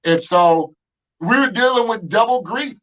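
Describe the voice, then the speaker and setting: A man's voice: high voice, animated, measured pace, a bit bright, low-quality recording. Brief: male podcast host, earnest conversational delivery, frequent fillers. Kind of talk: conversational interview.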